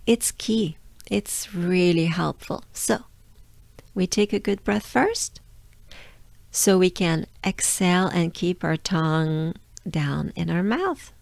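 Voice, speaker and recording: A woman with a French accent gives a patient pronunciation lesson, repeating sounds slowly, her voice tired. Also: lowish voice, gravelly, darkish tone, no echo. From France. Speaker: pronunciation coach.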